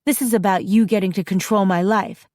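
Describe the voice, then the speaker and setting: A woman narrator voicing an upset, defiant teenage girl who pleads in a raised, higher voice. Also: fairly even intonation, brisk, darkish tone, no room sound, studio quality, lightly acted. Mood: pleading.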